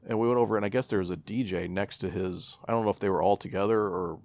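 A man's voice: lowish voice, fairly even intonation, quick pace, a little mellow. A man co-hosting a podcast, telling a story in casual chat, rambling with restarts and swearing. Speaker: podcast co-host.

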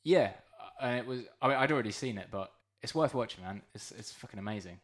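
Joking, swearing podcast host. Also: male voice, mid-range voice, lively intonation, quick pace. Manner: joking, irreverent, swears casually. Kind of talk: casual chat.

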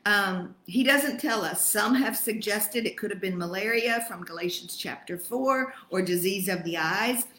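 A woman's voice: medium pitch, measured pace, hardly any pauses, a bit bright, reverberant, a little hiss or hum, low-quality recording. Emphatic woman teaching Bible study. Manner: emphatic, encouraging, addresses listeners by name.

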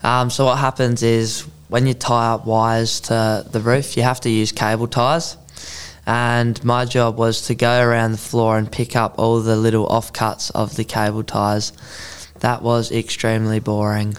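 A man's voice: medium pitch, completely flat delivery, a little slow, clear, resonant tone. A teenage man co-hosting a student podcast, reading prepared links evenly.

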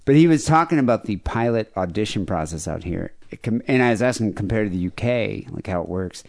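A man's voice: fairly low pitch, fairly quick, creaky. A man hosting a podcast in casual, rambling chat, swearing and telling stories. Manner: rambling, profane, lively storyteller. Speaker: podcast host.

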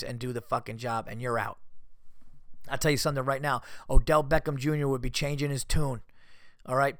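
A man's voice: mid-range voice, fairly bright tone, no echo, clean studio sound. A man hosting a podcast and ranting in a casual, profane comedic monologue while fighting a cold. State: has a cold. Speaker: podcast host.

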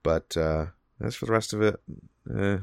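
A man with a fairly low voice co-hosts a casual podcast. He rambles through his points with frequent fillers and restarts. The sound is dry and close. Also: normal speed, vocal fry, darkish tone, clean tone, dry recording. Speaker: podcast co-host.

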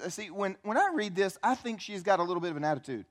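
A man preaching a sermon as a pastor, telling the story in an animated, conversational way, acting out quotes and asking the audience questions. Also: high-pitched, fast talker, hardly any pauses.

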